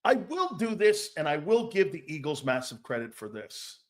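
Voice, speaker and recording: A man's voice: a little high, sing-song, moderate pace. A man hosting a sports talk show, rambling and joking with frequent laughs, blunt and a bit profane.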